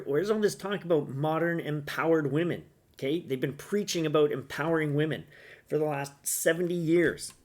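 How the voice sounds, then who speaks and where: Indignant man ranting in a vlog. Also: fairly high pitch. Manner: indignant and sarcastic, emphatic. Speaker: commentator. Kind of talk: opinion rant vlog commentary.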